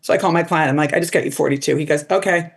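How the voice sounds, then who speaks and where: A woman's voice: deep voice, rapid-fire, vocal fry, husky. A middle-aged woman as a podcast guest, telling casual stories full of "like" and quoting people in put-on voices. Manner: animated, quotes people in put-on voices, lots of "like". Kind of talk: casual storytelling interview.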